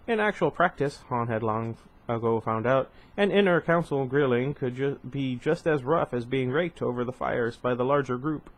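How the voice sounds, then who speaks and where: A man's voice: mid-range voice, normal speed, hardly any pauses. Man reading a novel aloud. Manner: stops to comment and restart lines. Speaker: reader.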